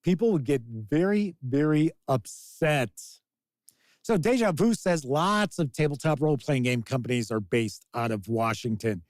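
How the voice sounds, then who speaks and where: A man's voice: medium pitch, expressive, measured pace, darkish tone, no room sound. A man in his fifties, hosting a casual live-stream chat, rambling and reading out viewer comments. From American. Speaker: podcast host reading chat.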